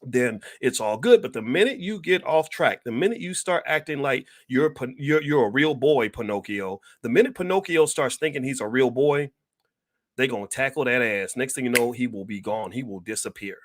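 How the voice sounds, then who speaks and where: A middle-aged man holds forth to his online audience from his home, with the cadence of a preacher who hammers and repeats his points. He clears his throat now and then. The sound is close and dry, with no room around it. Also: medium pitch, animated, normal speed, no echo. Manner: preacher-like, emphatic, repeats key phrases for effect. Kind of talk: impassioned livestream commentary.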